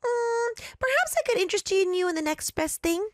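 A woman voicing an unflappable, cheerful female airport clerk with a squeaky, chirpy, overly polite voice. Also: animated, a little fast, no room sound, clean studio sound. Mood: sly.

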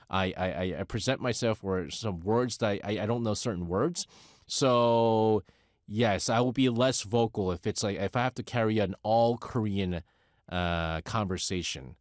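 Animated radio host with a New York accent. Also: male voice, lowish voice, no echo, clean studio sound. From United States. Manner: animated, chatty, laughs often, self-correcting. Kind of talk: casual radio talk, answering a listener letter.

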